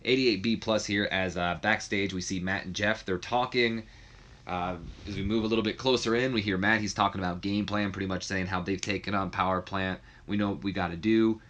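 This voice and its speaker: A man's voice: low voice, steady tone, brisk, fairly bright tone. A man giving loose, rambling commentary on a wrestling management game and acting out characters' lines. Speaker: video creator.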